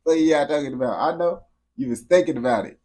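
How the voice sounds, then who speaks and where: Talking fast in heavy slang, a young streamer casually addresses a game character, his voice lurching between quiet mumbling and excited shouts.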